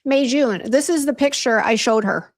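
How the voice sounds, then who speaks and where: On her livestream, a beauty brand owner with a fairly high voice talks at a normal pace. She greets viewers by name and reads their comments while venting about a bad hair appointment, and her casual delivery is packed with fillers and false starts.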